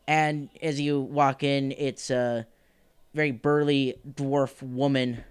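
A game master narrating a tabletop game, giggling and tossing out quick asides. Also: medium pitch, flat delivery, smooth.

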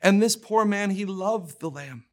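A man's voice: high-pitched, measured pace. A man preaching a sermon in an earnest, emphatic way, often restarting his words as he pushes a point home. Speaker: pastor.

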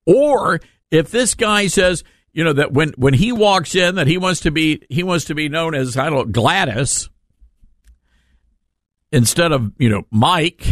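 Male talk host, sarcastic, rambling, lively swooping pitch, fairly high voice, dry close sound. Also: a little slow, no echo. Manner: animated, sarcastic, rambling asides. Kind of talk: casual opinion commentary.

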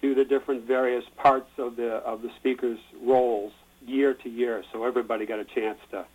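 A man explaining a tradition in a plain-spoken, relaxed way, with the odd filler. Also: mid-range voice, brisk, breathy edge, narrow, tinny audio. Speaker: guest explaining a Burns supper. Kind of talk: explanatory chat.

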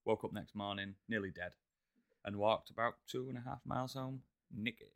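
A man's voice: lowish voice, normal speed, gravelly, a bit bright. A man, a podcast co-host telling blunt, jokey stories in casual banter.

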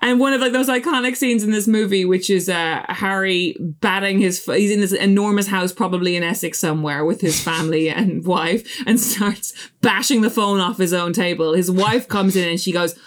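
A woman guest on a podcast, chatting casually and retelling a film with animated quoted voices. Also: mid-range voice, moderate pace, few pauses. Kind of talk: casual chat.

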